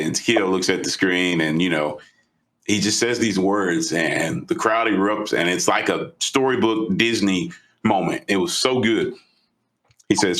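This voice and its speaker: Podcast co-host, male, lower register, animated casual storyteller. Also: a little slow. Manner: animated, retelling with excitement.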